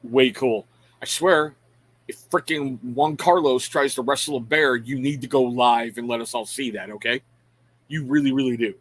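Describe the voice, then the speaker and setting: A man's voice: medium pitch, fairly bright tone, rough recording. A middle-aged man hosting a casual live stream. He rambles frankly, pokes fun at himself and greets chat viewers by name between thoughts. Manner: frank, self-deprecating. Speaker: live show host.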